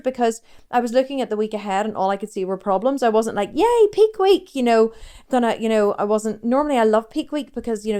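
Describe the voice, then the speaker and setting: A woman's voice: a little high, a little mellow, smooth. Rambling, confessional woman in her forties. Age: 40s. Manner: rambling, confessional, self-interrupting. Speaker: fitness coach and vlogger. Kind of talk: candid personal vlog.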